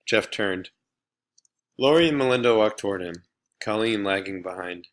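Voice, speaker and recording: A man with a low voice narrates a storybook chapter. His reading is steady and plain, moving the scene along between the characters' lines. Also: normal speed. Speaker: audiobook reader.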